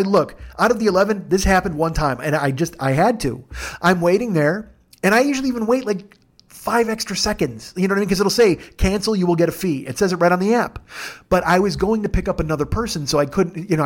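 A man with a noticeably high voice spins a casual comedic story. He swears freely and jumps into quick, animated voices for each person in the tale. He records at a friend's house. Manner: profane, animated, acts out dialogue in quick voices.

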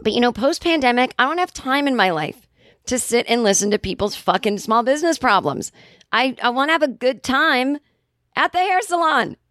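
This podcast host, a woman in her forties, winds through a rambling tale at a moderate pace, her voice sitting high. Casual and animated, she acts out both sides of an exchange and swears freely. The audio is close and completely dry, with no room sound.

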